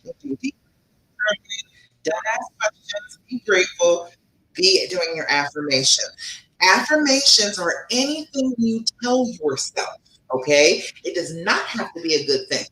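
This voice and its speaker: A woman relationship coach talks live to her viewers, emphatic and full of laughter as she calls on them by name. Her voice is bright and swings widely in pitch. The sound is roomy and echoey. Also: sing-song, measured pace, slight background noise. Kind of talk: live-stream advice session.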